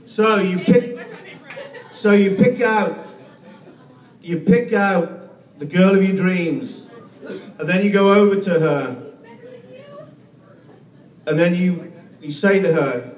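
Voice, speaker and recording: A man working through a stand-up comedy set, stumbling and restarting his lines as he goes. His voice sits high for a man. He is picked up from some distance in an echoey room, with faint noise underneath. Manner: halting delivery with repeated words and restarts.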